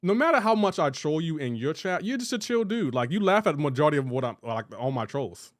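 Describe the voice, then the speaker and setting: A man's voice: a little high, very animated, fast, no echo, clean studio sound. A man from Delaware streaming a game, chatting casually, rambling and restarting his sentences as he answers chat. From Delaware, USA.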